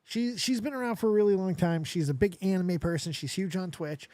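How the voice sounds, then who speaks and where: Casting: chatty male streamer, high voice, dry close-mic sound. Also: a little fast, no room sound. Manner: chatty, excitable, laughs at clips. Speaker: streamer and podcast host. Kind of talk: casual live-stream commentary.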